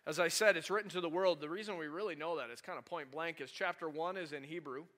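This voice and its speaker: A male pastor preaching a conversational sermon, animated and full of rhetorical questions to the congregation. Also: on the high side, fast.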